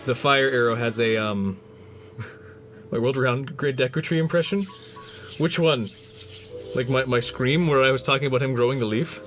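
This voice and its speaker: A man's voice: mid-range voice, moderate pace, long pauses, a bit bright. A man talking casually on a livestream while painting, joking and answering chat. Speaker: streamer and prop maker. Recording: music playing under the voice. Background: background music.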